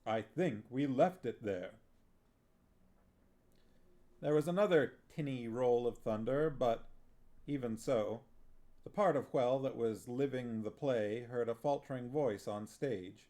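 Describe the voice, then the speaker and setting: A man reading a novel aloud on a stream in a measured, deliberate way, occasionally reading out and answering viewer comments. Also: medium pitch, warm tone.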